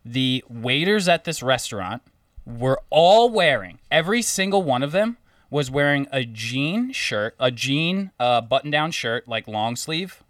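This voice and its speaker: A young man co-hosting a casual chat, joking and chiming in with quick interjections. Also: medium pitch, sing-song, a bit bright, no echo, studio quality, distant mic. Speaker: podcast co-host.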